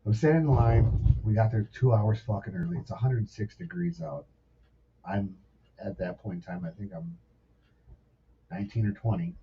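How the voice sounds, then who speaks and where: A man's voice: fairly low pitch, normal speed, pauses often. A man in his forties telling rambling, profane stories in a casual podcast chat. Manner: profane, rambling, animated storyteller. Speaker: podcast guest, former sous chef. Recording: distant mic, dull lo-fi sound, faint background noise.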